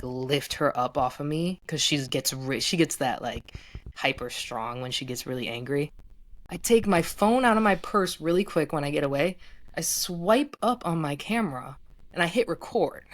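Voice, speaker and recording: Low-voiced young woman telling a story. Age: 20s. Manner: casual, animated retelling with frequent "like" fillers. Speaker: guest. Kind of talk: personal storytelling.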